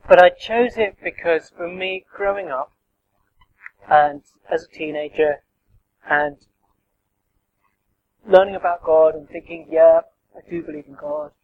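A man's voice: a little high, narrow, tinny audio. A man giving an interactive sermon, talking conversationally and quizzing the congregation. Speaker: preacher.

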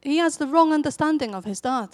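A woman preaching a sermon in a conversational storytelling manner, growing animated when she acts out quotes. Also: sits high, fast talker, no room sound.

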